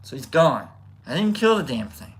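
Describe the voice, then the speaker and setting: A man hosting a livestream, telling a story casually to his chat in an animated, rambling way with restarts. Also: fairly high pitch, moderate pace. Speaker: livestream host.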